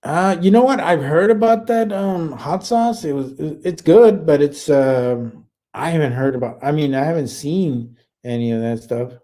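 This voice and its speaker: Here the livestream host, a forties-aged Army veteran, responds to comments from viewers in a loose, rambling way, full of swearing, fillers, and restarts. His voice is a little high, expressive and mellow, at a moderate pace.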